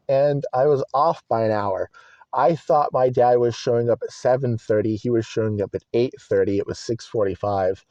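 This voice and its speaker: A man's voice: medium pitch, dark tone, no echo, muffled recording. A young man telling a personal story in a rambling, candid way, full of fillers and swearing. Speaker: vlogger.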